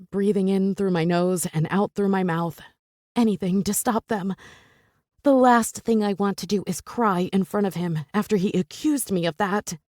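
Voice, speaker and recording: A woman's voice: medium pitch, a little mellow, dry recording, studio quality. A woman narrating a first-person romance audiobook with intense, emotional delivery.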